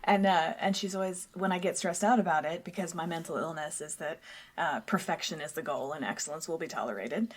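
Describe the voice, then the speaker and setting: A woman's voice: low-pitched, brisk, husky. Chatty laughing woman podcast co-host. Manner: laughs often, self-deprecating, rambling. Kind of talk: casual chat.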